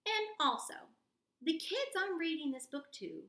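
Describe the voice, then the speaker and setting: Woman reader for kids' story time, bright, unhurried, goofy and expressive delivery. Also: extremely high pitch, roomy sound. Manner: playful, silly, exaggerated reading voice. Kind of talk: reading a picture book aloud to kids.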